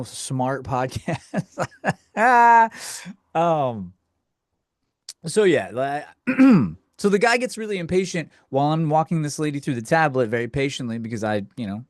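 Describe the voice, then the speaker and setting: A man's voice: a little high, dry recording, studio quality. A man hosting a podcast, delivering a comedic rant in a provocative, offhand way and brushing things off as jokes. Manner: provocative, offhand, quick to say just kidding. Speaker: podcast host.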